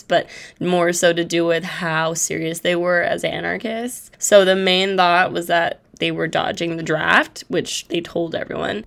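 A woman with a lowish voice, vocal fry, and a fairly bright tone hosts a podcast, retelling a historical true-crime case. She tells it in a casual, chatty way, throwing in irreverent asides.

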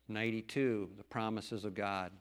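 A middle-aged man, a farmer and lay preacher, giving an earnest, folksy testimony talk in church with emphatic stresses. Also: on the low side.

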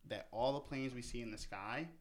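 A man's voice: moderate pace, slight background noise. A young man co-hosting a podcast in casual chat, telling jokes and mock-serious stories. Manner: joking, mock-serious storytelling with a lively pitch. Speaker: podcast co-host.

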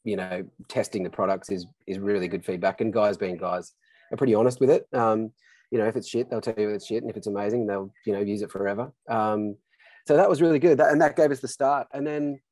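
Relaxed Australian man with a lowish voice. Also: fast talker, no echo, poor audio. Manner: rambling, filler-heavy, relaxed and frank. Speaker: business founder guest. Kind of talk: casual storytelling interview.

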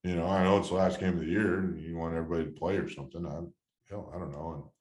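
A man's voice: low voice, steady tone, rapid-fire, a little mellow, echoey room. A man in his thirties, a former ballplayer, telling a story from his career in a rambling, heartfelt way with many restarts. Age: 30s. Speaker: former baseball player, guest. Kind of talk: casual storytelling interview.

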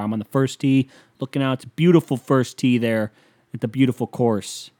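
A young man hosting a podcast alone, rambling through a profane, casual story and now and then breaking into loud whoops. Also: mid-range voice, a little fast. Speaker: podcast host. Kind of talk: casual solo podcast rant.

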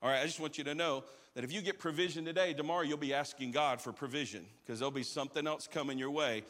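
Energetic male pastor in a big church. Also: a little high, fast. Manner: energetic, rallies the crowd with call-outs. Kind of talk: live church sermon. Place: large church auditorium. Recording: live sermon in a big reverberant sanctuary.

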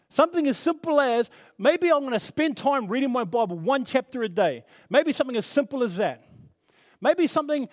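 A man's voice: extremely high pitch, dry recording. A middle-aged man preaching a conversational sermon, earnest and storytelling, with frequent restarts.

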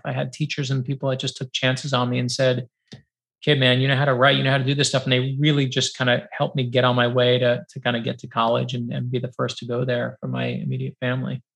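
A middle-aged man from New York, an author guest telling lively stories in a podcast interview over a video call, acting out the dialogue he recalls. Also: mid-range voice, vocal fry. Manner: lively, acts out quoted dialogue, many fillers of 'like'. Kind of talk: animated storytelling in a podcast interview.

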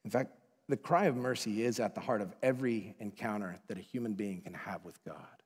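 A man's voice: lowish voice, fairly quick, husky. A man preaching a sermon as pastor, casual and conversational, telling stories and acting out the people in them. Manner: casual, conversational, acts out quoted voices. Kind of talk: sermon with storytelling. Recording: long hall reverb.

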